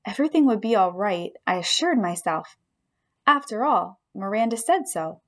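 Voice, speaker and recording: A woman narrating a children's story aloud in the first person, with expressive storytelling. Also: medium pitch, a little fast. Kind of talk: audiobook storytelling.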